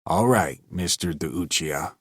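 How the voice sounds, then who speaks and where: A man voicing a gloomy old actor turned janitor, speaking quietly, weary and sour. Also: rumbling low, normal speed, breathy edge, dry recording, studio quality, exaggerated voice.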